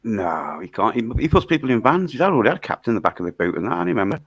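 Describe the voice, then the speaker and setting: A man's voice: mid-range voice, very animated, racing, creaky, slightly rough, no echo. A man in casual chat, blunt and sweary, laughing often.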